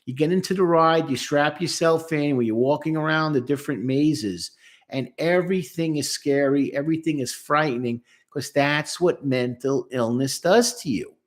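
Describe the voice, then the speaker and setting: A man's voice: fairly high pitch, normal speed. A man working as a therapist, giving an emphatic commentary on a song and acting out lines and voices as he explains. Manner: emphatic, quotes lyrics and acts out voices.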